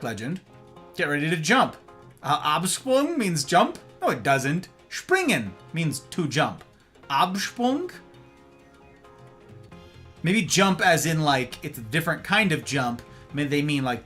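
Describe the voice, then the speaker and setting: A man hosting a livestream, chatting casually and playfully with his viewers. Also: a little high. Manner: animated, playful, reacts to chat. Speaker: livestream host. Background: faint music.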